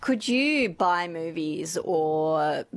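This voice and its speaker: A woman's voice: deep voice, animated, drawn-out words, no echo. A woman co-hosting talkback radio, playful and chatty, telling stories. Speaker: co-host.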